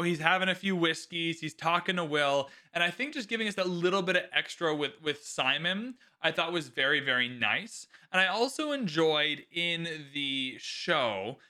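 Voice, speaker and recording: A man's voice: fairly high pitch, sharp tone. A man hosting his own podcast, chatting casually and animatedly and swearing freely. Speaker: podcast host. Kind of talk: casual solo podcast talk.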